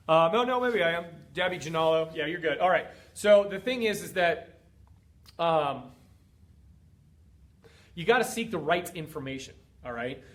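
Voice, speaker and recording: This middle-aged fitness coach hosts a motivational livestream in a slightly high, a bit bright, expressive voice, speaking a little slowly with long pauses. His style is emphatic, repetitive and preachy.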